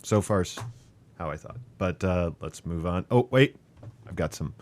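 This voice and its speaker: A man's voice: deep voice, expressive, moderate pace, darkish tone. A man hosting a casual film podcast over a call, easygoing as he runs the votes and reads out fun facts. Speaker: podcast host and moderator.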